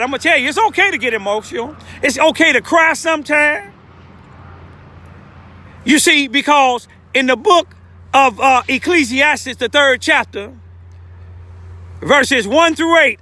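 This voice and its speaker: A man's voice: very high-pitched, sharp tone. An older man giving an informal, emotional street testimony as a self-styled lay preacher, rambling with repeated asides. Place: outdoors in the cold, urban street.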